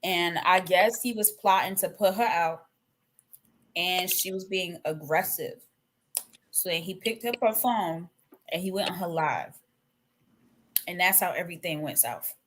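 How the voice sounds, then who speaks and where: A woman's voice: fairly low pitch, measured pace, long pauses. A woman co-hosting a podcast, chatting bluntly in casual slang. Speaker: podcast co-host. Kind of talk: casual chat.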